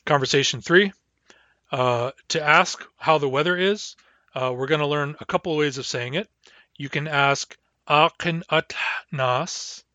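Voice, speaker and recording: A man teaching a language lesson, saying each word slowly and then repeating it. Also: fairly high pitch, pushed and bright, no echo. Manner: slow, deliberate, repeats each word twice.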